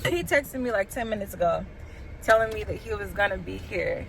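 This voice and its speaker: A woman's voice: mid-range voice, a little fast, creaky, heavy background noise. A young woman vlogging from her parked car, chatty, nervous and giggly as she talks to her viewers. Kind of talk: casual vlog chat.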